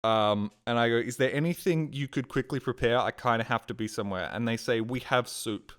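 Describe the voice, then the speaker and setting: A man's voice: medium pitch, a little fast, fairly bright tone. A young man telling a story as a live streamer, casual and exasperated, swearing often as he rants. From Australia.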